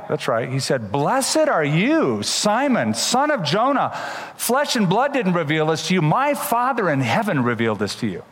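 A man preaching a sermon, retelling scripture with animated, emphatic delivery and shifting voices for the people in the story. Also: fairly high pitch, in a large hall. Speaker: pastor.

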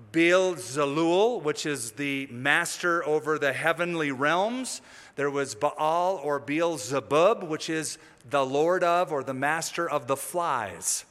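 A man preaching a sermon, telling the story lively and acting out the figures' lines. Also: fairly high pitch, long reverb tail. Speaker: pastor.

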